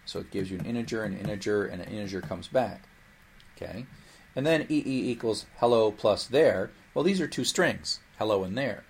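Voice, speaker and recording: A man teaching programming in a recorded lecture, explaining in a lively way with playful asides. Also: fairly low pitch, moderate pace, gravelly, husky. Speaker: programming instructor.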